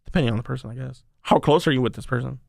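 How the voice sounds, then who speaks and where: Racing along with vocal fry, a young male podcast co-host spins a rambling, casually profane story. His voice is medium-pitched and darkish, and the studio recording is clean with no room sound.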